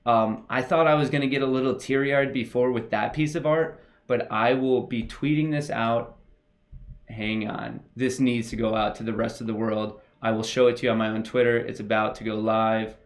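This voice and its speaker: A young man hosting a casual livestream, excitable and gushing as he talks straight to his viewers. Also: mid-range voice, normal speed. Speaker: livestream host.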